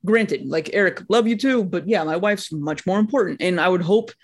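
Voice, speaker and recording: High-voiced man ranting with friends. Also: moderate pace. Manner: profane, ranting, laughing. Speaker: podcast co-host. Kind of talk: casual chat.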